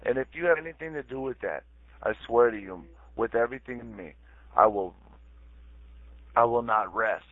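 A man's voice: mid-range voice, animated, fairly quick, dry recording. A man ranting angrily and making threats in a heated voice chat, repeating himself over and over. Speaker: chat room user. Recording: tinny phone-like voice chat audio.

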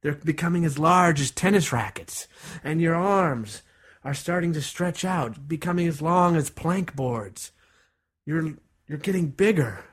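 A man leading a guided visualization, narrating vividly and dramatically, sometimes dropping to a hushed whisper. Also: a little high, moderate pace.

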